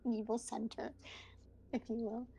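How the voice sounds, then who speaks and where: A woman's voice: fairly high pitch, flat delivery, measured pace, vocal fry, mellow, slight background noise. A woman playing a tabletop role-playing game, talking hesitantly with many fillers and giggles. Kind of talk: casual role-play chat.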